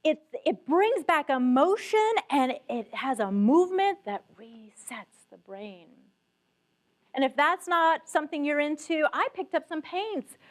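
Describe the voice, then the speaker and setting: A middle-aged woman giving a conference keynote talk, telling stories with animated asides to the audience. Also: high voice, a little slow. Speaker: keynote speaker. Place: conference hall stage.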